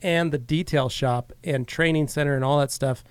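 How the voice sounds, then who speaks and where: A man's voice: a little high, moderate pace, clean tone, no room sound. A man co-hosting a podcast, telling an easygoing story in casual chat with lots of fillers. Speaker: podcast co-host.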